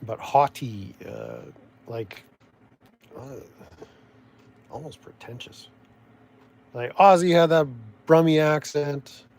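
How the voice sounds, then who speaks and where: A man's voice: on the high side, big pitch swings, takes it slowly, creaky, long pauses, darkish tone. Rambling sardonic Canadian man. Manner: meandering, sardonic, full of restarts and trailing thoughts. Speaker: vlogger. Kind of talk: rambling casual commentary.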